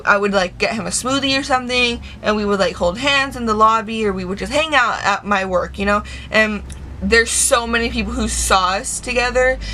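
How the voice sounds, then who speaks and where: A woman's voice: mid-range voice, bright, forceful tone, slight background noise. A young woman vlogger telling a storytime tale in casual chat, swearing a lot and retelling it with animation. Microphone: camera mic.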